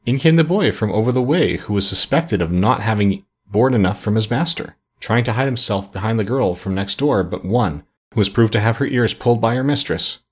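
A man narrating a classic story as an audiobook in a measured, expressive reading. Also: fairly low pitch, slightly rough.

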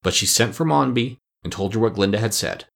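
Man, audiobook narrator, fairly low voice, measured storybook reading. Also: expressive, vocal fry. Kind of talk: scripted narration.

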